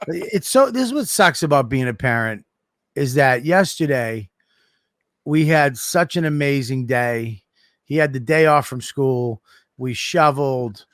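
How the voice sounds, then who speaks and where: A middle-aged man co-hosting a podcast, telling animated, profane stories in casual chat. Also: medium pitch, measured pace, no echo, studio quality. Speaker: podcast co-host.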